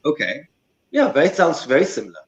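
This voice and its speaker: A man's voice: fairly high pitch, big pitch swings, fairly quick. A man with a plummy English accent tinged with South African, chatting and laughing easily as a guest cook on a live cooking stream. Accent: English with a slight South African tinge. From Malaysia. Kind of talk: live cooking demonstration chat. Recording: echoey room, dull lo-fi sound.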